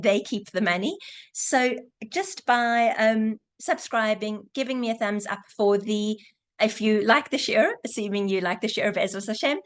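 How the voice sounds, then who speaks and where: A woman teacher giving an earnest online class, building points by repeating phrases. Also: mid-range voice. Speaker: Torah teacher. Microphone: video call.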